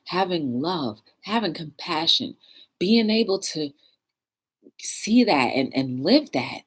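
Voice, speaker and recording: A woman's voice: on the low side, lively intonation, slow pace, slightly rough. A woman hosting a live talk show, speaking earnestly and emotionally, close to tears. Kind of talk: live stream monologue.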